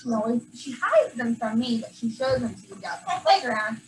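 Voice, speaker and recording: A woman teacher handing out awards to her first-grade class, speaking with warmth and sometimes getting teary. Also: a little high, animated, a little fast, hardly any pauses. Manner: affectionate, gets teary. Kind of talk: award ceremony speech to a class. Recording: distant camera, faint room noise.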